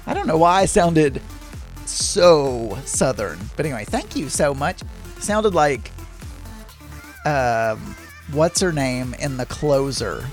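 A man's voice: fairly high pitch, big pitch swings, slow pace, faint music behind. A middle-aged man hosting his own daily podcast, chatting casually and rambling with self-deprecating asides. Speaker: podcast host.

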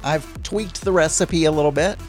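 A man's voice: a little high, moderate pace, a little mellow, soft background music. A man from Arkansas hosting a casual solo podcast, reading listener messages aloud in a chatty, self-deprecating way. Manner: chatty and self-deprecating, with frequent laughs and restarts. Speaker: podcast host.

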